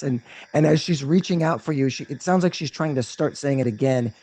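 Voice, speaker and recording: A man's voice: on the high side, a little fast, warm tone, no echo. A man narrating as game master of a tabletop role-playing game, rambling with frequent restarts. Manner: rambling, hesitant, many restarts.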